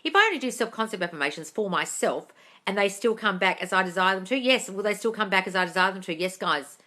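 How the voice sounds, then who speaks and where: A young woman hosting a casual live Q&A from her phone, animated and blunt and swearing freely as she reads out viewer comments. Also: medium pitch, fast talker. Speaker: manifesting coach hosting a live Q&A. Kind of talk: casual livestream chat reading viewer comments. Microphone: phone mic on a social media live stream.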